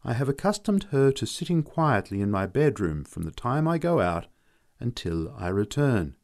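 A man's voice: medium pitch, big pitch swings, normal speed, darkish tone. A man voicing a prim, self-satisfied woman who speaks in a smug way.

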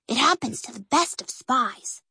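A woman voicing a bold, determined young girl spy in a storybook, speaking briskly and eagerly. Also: fairly high pitch, lively intonation, gravelly, bright, forceful tone, breathy edge, no room sound, studio quality, heavily acted.

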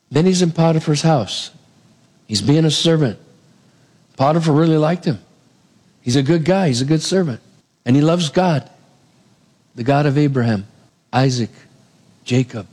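A middle-aged man preaching a sermon, retelling a Bible story in a lively way and acting out the characters' voices. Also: fairly high pitch.

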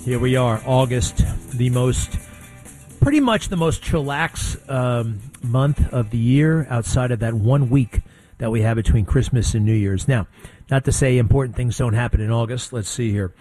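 A middle-aged man hosting a radio talk show, blunt and sarcastic, mocking people with quick impressions. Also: mid-range voice, warm tone, soft background music. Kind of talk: opinionated talk radio monologue.

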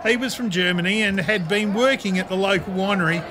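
An actor playing the narrator Darren, telling the story in a dry, wry way. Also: male voice, high-pitched, a little fast, lightly acted.

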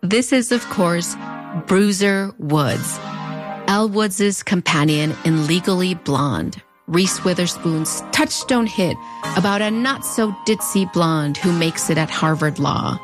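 A woman's voice: on the low side, slow, over music. A woman in her thirties or forties with a fronterizo border accent, narrating a commentary in a wry, conversational way with playful asides. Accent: Mexican border (fronterizo). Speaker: video essay host.

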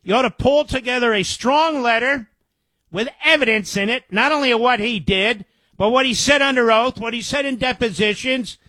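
A man's voice: very high-pitched, normal speed, bright, forceful tone, no echo. A man hosting a political talk show, reading news quotes aloud and breaking in with indignant, sarcastic remarks. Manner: indignant, sarcastic asides between quoted reports. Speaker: radio show host.

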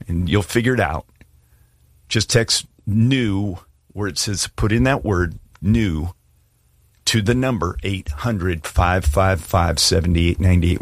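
A man's voice: low voice, dry recording, clean studio sound. A middle-aged man preaching a sermon and making an earnest, pleading altar call. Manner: earnest, pleading, shifts from hushed prayer to emphatic. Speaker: pastor.

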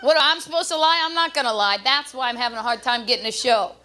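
A woman doing a stand-up comedy routine on a club stage with a handheld mic, brash and loud with punchy delivery. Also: high-pitched, fast, crowd noise, background noise.

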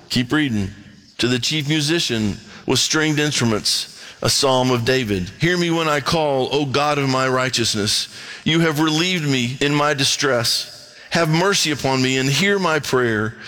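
A man in the middle of a sermon, reading psalms aloud and then speaking freely about them. His voice sits a little high for a man, and he swings up and down in pitch, sometimes rushing through an aside and sometimes slowing down to make a point. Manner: animated preaching, sudden pitch swings and quick asides. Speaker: pastor.

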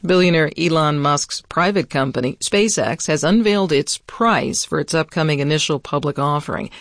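A man reading the national news in a steady, measured way as the newscaster. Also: on the high side, dry recording, clean studio sound. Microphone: studio mic.

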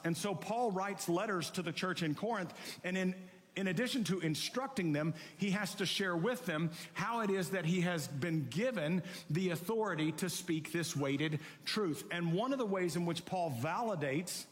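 A passionate male pastor delivering a sermon in a high voice. He reads scripture aloud and explains it to his congregation, and the long reverb of a large church hall trails every phrase. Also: normal speed.

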